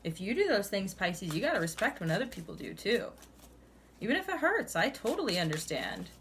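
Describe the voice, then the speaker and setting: A woman's voice: mid-range voice, wildly swooping pitch, a little fast, a bit bright, a little hiss or hum. A young woman giving a casual tarot reading, chatty and full of "like"s, laughing often and calling the listener "honey". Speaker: tarot reader.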